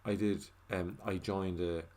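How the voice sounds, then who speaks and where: Male voiceover, very low register, loose conversational delivery with fillers, murmurs the meditation phrases. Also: steady tone, unhurried. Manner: casual, with many fillers like "you know" and "like"; drops to a soft murmur when repeating the meditation phrases. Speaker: English voiceover for a signed video. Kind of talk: reflective first-person voiceover.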